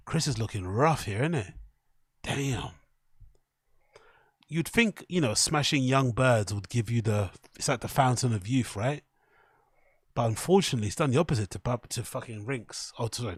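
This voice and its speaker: A man's voice: mid-range voice, breathy edge, dry recording, studio quality. A man hosting a stream, loosely reacting to clips and reading a news story aloud, swearing often. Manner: loose and profane, riffing on clips. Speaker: streamer host. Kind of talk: casual stream commentary.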